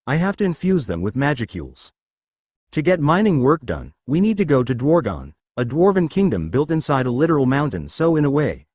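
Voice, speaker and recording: A man's voice: medium pitch, no room sound, clean studio sound. Man reading as naive cheerful baby slime girl. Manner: matter-of-fact, innocently blunt. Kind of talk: fan fiction reading.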